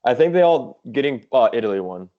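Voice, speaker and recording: A man chatting casually on a podcast, relaxed and rambling, with lots of fillers. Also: medium pitch, a little fast, phone-quality sound. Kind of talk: casual chat.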